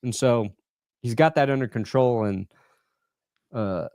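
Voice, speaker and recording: A man's voice: medium pitch, unhurried, dark tone, no echo, studio quality. A man co-hosting a casual sports podcast, chatty and loose, with lots of fillers and restarts. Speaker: podcast co-host.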